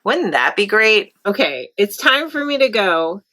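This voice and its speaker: A woman's voice: mid-range voice, sing-song, measured pace, pushed and bright. A woman artist chatting while she paints, with a nasal voice and a cold coming on, laughing often and rambling. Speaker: artist and channel host. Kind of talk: casual chat while painting.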